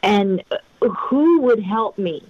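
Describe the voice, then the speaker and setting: A woman's voice: medium pitch, lively intonation, slow pace, husky, no echo. A woman working as a private investigator, speaking as an interview guest and telling her story in an earnest, faith-driven way. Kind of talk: conversational interview over a remote line. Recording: tinny phone-line audio.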